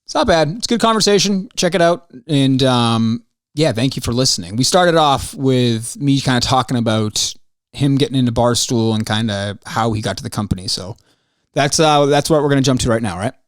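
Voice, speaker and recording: A man's voice: medium pitch, animated, a little fast, no room sound, clean studio sound. A man hosting a podcast, talking casually on his own, ranting and swearing, his voice jumping up when he gets worked up. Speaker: podcast host. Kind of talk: casual solo podcast monologue.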